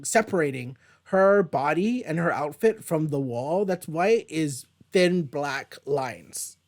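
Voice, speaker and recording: A man's voice: fairly high pitch, darkish tone. A man hosting a casual comic book review show from home, rambling and chatty with plenty of fillers and the odd swear word. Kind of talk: casual page-by-page comic commentary. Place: at home, with a dog nearby.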